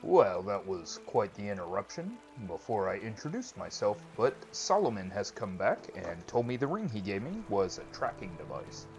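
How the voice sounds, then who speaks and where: Lowish male gamer narrating casually. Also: big pitch swings, normal speed, gravelly, hardly any pauses, darkish tone. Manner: chatty, joking asides. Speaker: let's play host. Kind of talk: casual game commentary. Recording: lo-fi with game music behind.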